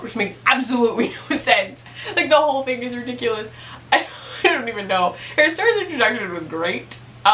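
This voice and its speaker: A woman's voice: mid-range voice, sharp tone, slight background noise. A young woman casually recapping a TV episode, chatty and giggly, filling her talk with "like". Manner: chatty, giggly, many "like" fillers. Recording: echoey room, mic at a distance.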